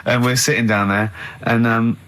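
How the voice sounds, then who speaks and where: A man, hosting a radio show with teasing, animated banter and long stories. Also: mid-range voice, normal speed. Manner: teasing, mocking, animated storyteller. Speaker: radio host. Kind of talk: casual studio banter. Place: radio studio.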